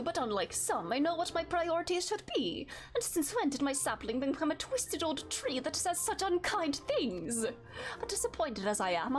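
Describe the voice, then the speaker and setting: A woman doing a teasing fey sovereign. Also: high-pitched. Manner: theatrical, affectionate scolding.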